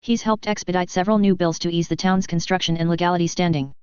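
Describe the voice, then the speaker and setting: A woman's voice: on the low side, fairly even intonation, quick pace, darkish tone, no echo, natural voice. A woman reading as a gallant vampire man. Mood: reassuring. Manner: smooth courtly politeness. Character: charming courteous male vampire, gallant and teasing. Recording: dull dry lo-fi audio.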